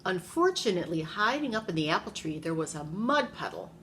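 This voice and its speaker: A woman's voice: fairly low pitch, a little fast, background noise. Woman reading a picture book to kids. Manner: animated storytelling, asks the children questions. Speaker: preschool teacher. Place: classroom.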